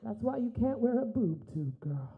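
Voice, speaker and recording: A woman's voice: on the high side, very animated, moderate pace, phone-quality sound, faint music behind. A young woman doing a stand-up comedy set, brash and profane, acting out the voices of people in her stories.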